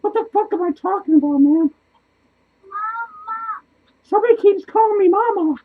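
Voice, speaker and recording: In a comic character piece, a man at a moderate pace voices a squeaky, extremely high clown who is lonely, manic, and profane. The muffled lo-fi recording comes from a cramped, cluttered home studio, and he curses nonstop, cackles, and rambles until he loses the thread.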